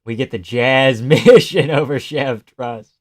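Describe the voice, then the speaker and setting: A man's voice: mid-range voice, takes it slowly. A man live-streaming casual commentary while watching fights, blunt, sarcastic and swearing freely.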